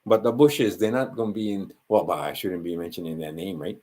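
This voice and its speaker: A man's voice: low-pitched, fairly even intonation, brisk, warm tone. A man with a Hawaiian Pidgin accent, rambling through a solo monologue and correcting himself as he goes. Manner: meandering, self-correcting, asides to the listener. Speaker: channel host.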